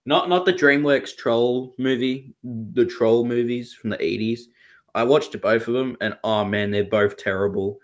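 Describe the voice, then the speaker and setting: A man's voice: mid-range voice, a little slow. A young Australian man co-hosting a casual podcast chat, rambling with many fillers and restarts. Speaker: podcast co-host.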